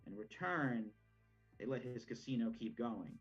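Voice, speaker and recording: A smooth older mob boss who lays out his plans slowly and deliberately, played by a man running a tabletop game. The voice sits at a middling pitch with a husky edge. The recording is muffled and lo-fi, with faint music underneath. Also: lively intonation. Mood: scheming. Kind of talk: tabletop role-play.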